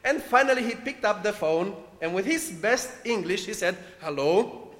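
A man from Romania with a Romanian accent, preaching a sermon and telling a story in short, deliberate phrases with non-native phrasing. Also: sits high, lively intonation, a bit bright, slight background noise. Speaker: preacher leading a meditation. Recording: echoey hall with long reverb.

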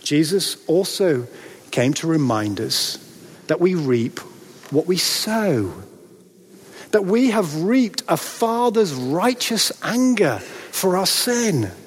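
Male preacher, high lively voice, slow deliberate sermon delivery, big reverberant church sound. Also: slightly rough. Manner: dramatic, rhetorical questions, pauses for effect. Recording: long reverb of a large hall.

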